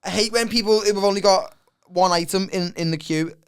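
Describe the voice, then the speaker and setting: A comedian in his twenties with a Liverpool accent guests on a podcast, chatting casually and telling animated stories while acting out what people said. His voice is high-pitched and smooth, moving a little fast.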